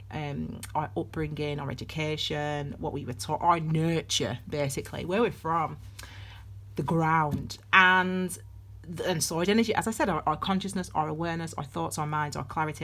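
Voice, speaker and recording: A woman's voice: sits low, fairly even intonation, normal speed, creaky, fairly bright tone. A woman giving a casual tarot and astrology reading, rambling and chatty with many restarts, calling her viewers darlings. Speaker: tarot reader.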